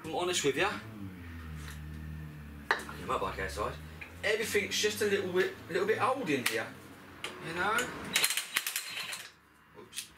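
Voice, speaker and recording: A man's voice: sits high, very animated, unhurried, long pauses, recorded from a distance, noisy background. A man talking viewers through a moped repair as he works, in a rambling, chatty way with asides to the audience. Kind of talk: chatty workshop commentary while working. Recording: echoey garage, voice off-mic.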